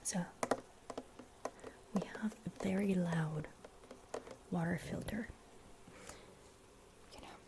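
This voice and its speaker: A woman's voice: lowish voice, warm tone, a little hiss or hum. A German woman whose first language is German, hosting a rambling, giggly whispered ASMR chat. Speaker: ASMR host.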